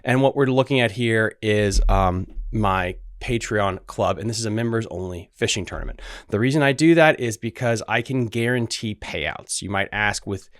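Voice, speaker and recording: A man's voice: on the low side, normal speed, no echo, studio quality. A man hosting a casual livestream from his room at home, chatting loosely to his viewers with restarts and asides. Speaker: podcast host. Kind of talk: casual livestream talk to chat. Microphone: desk microphone.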